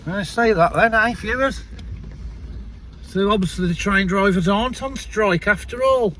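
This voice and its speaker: A man's voice: high-pitched, measured pace, fairly bright tone, recorded from a distance, slight background noise. A man telling a long story in casual chat, rambling and swearing freely, recorded inside a car. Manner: rambling, keeps restarting with "so anyway". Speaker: vlogger.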